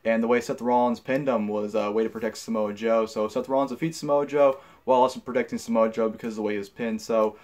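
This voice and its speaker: A man's voice: medium pitch, steady tone, fast, hardly any pauses, a little mellow. Casual, rambling young man reviewing. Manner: casual, rambling with many fillers and restarts; blunt and profane when annoyed. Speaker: wrestling show reviewer.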